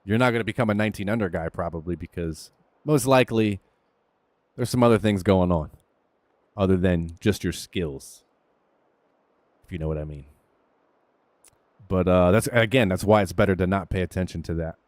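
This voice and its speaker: A man's voice: deep voice, normal speed, long pauses, darkish tone, no room sound. Candid man self-coaching over a game. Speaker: gaming streamer. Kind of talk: casual commentary while playing.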